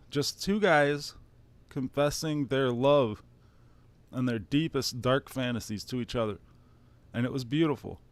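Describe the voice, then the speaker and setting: A man in his thirties with a Detroit-area accent hosts his own stream, delivering a casual, rambling monologue that's sarcastic and profane, with mock-emotional asides. He has a mid-range voice.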